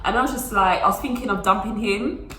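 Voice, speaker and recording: A woman's voice: medium pitch, brisk, pushed and bright, echoey room, slight background noise, rough recording. A young woman telling a personal story to her phone camera in a casual, chatty way, full of fillers and acted-out quotes. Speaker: vlogger.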